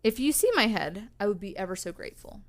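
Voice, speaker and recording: A woman's voice: medium pitch, animated, fast, lightly acted. A woman voicing a small, polite headless female ghost who asks sweetly for help in genteel, overly polite tones. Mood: polite, pleading.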